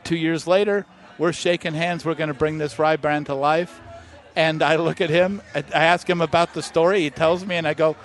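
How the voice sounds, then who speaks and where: Middle-aged male guest, lively storyteller, a bit high-voiced. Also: moderate pace, few pauses. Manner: animated anecdote-teller who acts out quoted voices. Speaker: master distiller guest. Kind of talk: casual storytelling interview.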